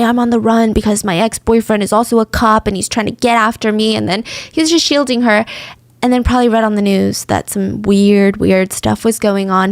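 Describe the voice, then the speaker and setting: A young woman hosting a true crime podcast, telling the story casually with lively asides and acted-out quotes. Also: medium pitch, no echo.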